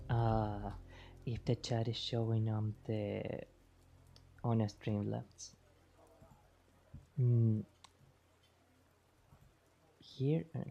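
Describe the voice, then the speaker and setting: A woman streamer chatting casually with her live chat, playful and teasing, thanking viewers over and over and speaking slowly and carefully. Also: very deep voice, dark tone, lo-fi sound. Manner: deliberately slow, careful speech.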